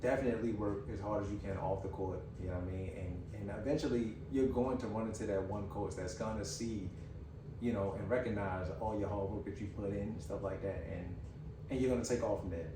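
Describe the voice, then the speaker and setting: A man hosting a casual talk show, speaking in an animated, emphatic, slangy way. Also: lowish voice, a little fast. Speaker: podcast host. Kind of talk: casual chat. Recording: echoey room, far from mic, background noise.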